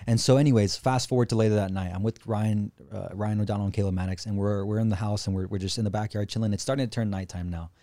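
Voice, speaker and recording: A man on a podcast as a guest, telling a story in an animated, excitable, casual way, full of slang and swearing. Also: on the low side, quick pace, few pauses, no echo.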